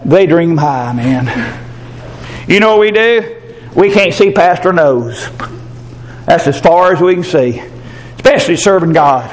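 An older man preaching from the pulpit, his voice sitting high for a man. He swings between quiet, low asides and fervent, shouted runs. A faint hiss sits under the recording. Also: normal speed, long pauses. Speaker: pastor. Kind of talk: sermon.

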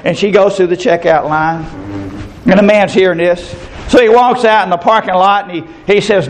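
A man preaches a sermon with a folksy, storytelling manner. His voice sits high for a man, and he slips into the voices of the people in his anecdotes. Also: normal speed, a little hiss or hum, poor audio. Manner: folksy, storytelling, acts out characters in stories.

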